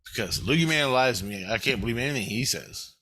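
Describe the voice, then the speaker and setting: A man's voice: mid-range voice, expressive, fast, pushed and bright. A man talking straight to the camera in a rambling monologue, agitated and swearing constantly. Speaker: vlogger. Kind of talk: rambling first-person monologue.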